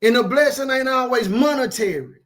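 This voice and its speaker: A man's voice: extremely high pitch, normal speed, fairly bright tone. A man preaching an informal sermon, emphatic and repetitive, with streetwise phrasing and frequent asides of "man".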